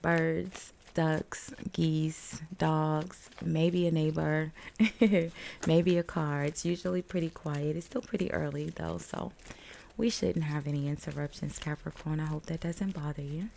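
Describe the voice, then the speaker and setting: Steady, unhurried and warm, this tarot reader's low voice carries a creak as she shakes off a cold. Reading cards in a home room with the balcony door open and faint noise outside, she rambles chattily with fillers and small laughs.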